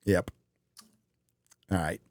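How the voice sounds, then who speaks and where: A man's voice: extremely slow, a little mellow, dry recording, clean studio sound. Blunt, profane male stream host. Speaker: livestream host. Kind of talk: casual live stream chat.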